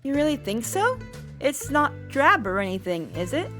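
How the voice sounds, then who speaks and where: A woman's voice: sits high, sing-song, normal speed, a bit bright, soft background music, pitched above the performer's own voice. A woman voicing a shy young woman at a party, speaking hesitantly and eager to please.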